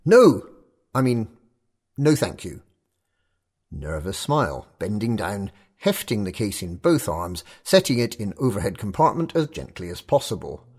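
A man's voice: on the low side, sing-song, normal speed, husky. A man narrating a first-person audio story in clipped, tense fragments.

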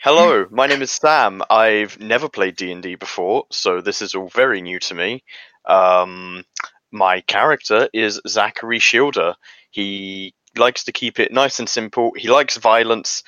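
A man's voice: fairly low pitch, unhurried, pushed and bright, no room sound, muffled recording. A young man new to tabletop role-playing, introducing his character in an earnest, casual way. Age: young adult. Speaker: player. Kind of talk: casual chat.

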